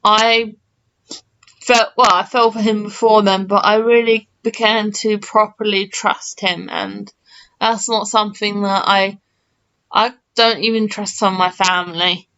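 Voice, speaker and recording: A woman's voice: mid-range voice, flat delivery, a little slow, bright, forceful tone, clear, resonant tone. A woman in her early twenties, telling a story to camera in a chatty, rambling way full of fillers and restarts. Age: early 20s. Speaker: gaming channel host. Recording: slightly muffled lo-fi mic.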